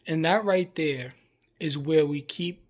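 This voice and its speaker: A man hosting a vlog, giving earnest, measured commentary in short plain phrases. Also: a little high. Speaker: commentary vlogger. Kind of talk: reflective commentary.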